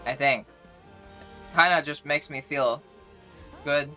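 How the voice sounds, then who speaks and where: A woman streams and chats loosely with her viewers in a low, bright voice, circling back and restarting her sentences as she rambles. Soft music plays faintly behind her. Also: takes it slowly. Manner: chatty, rambling, frequent restarts. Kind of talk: casual live-stream chat with viewers.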